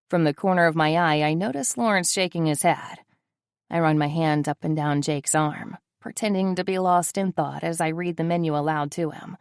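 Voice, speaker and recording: A woman's voice: deep voice, moderate pace, smooth, no echo. A woman narrating a first-person audiobook in a wry, sardonic manner, close to the mic.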